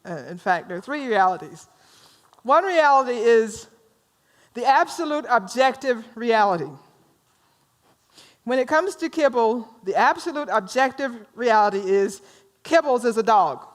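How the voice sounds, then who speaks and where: A woman's voice: a little high, animated, a little slow. Southern woman minister teaching a workshop. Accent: Southern US drawl. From rural North Carolina. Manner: conversational, teasing the audience, asks them questions.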